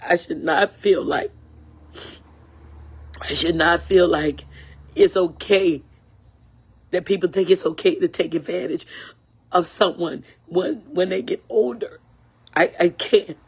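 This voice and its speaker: Husky older woman ranting angrily. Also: fairly low pitch, takes it slowly, pauses often. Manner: angry, repetitive, profane. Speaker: livestreamer. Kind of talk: angry livestream rant.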